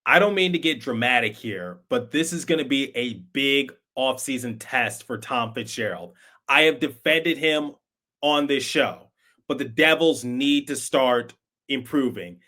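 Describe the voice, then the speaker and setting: A man hosts a sports podcast with a bright, forceful tone. His talk is conversational and emphatic, and he sometimes repeats a word as he presses a point. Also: medium pitch, measured pace. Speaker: podcast host. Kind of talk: opinionated sports commentary.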